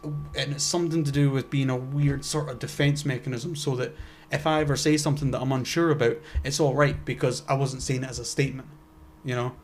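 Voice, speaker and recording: A man's voice: medium pitch, steady tone, brisk, few pauses. Rambling man, casual podcast chat. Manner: rambling, casual swearing, lots of fillers. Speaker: podcast co-host.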